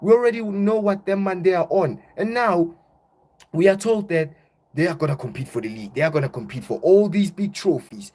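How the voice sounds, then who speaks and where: A young man hosting casual football banter, ranting loudly and animatedly, packing his talk with slang and repeated "bro". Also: sits high, expressive, fairly quick. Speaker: football channel host.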